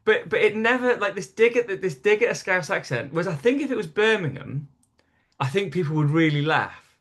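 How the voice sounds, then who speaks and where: Animated Geordie comic, slightly high voice. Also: male voice, brisk. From North East England. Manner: animated storyteller, laughs at his own stories. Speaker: comedian guest. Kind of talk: casual chat.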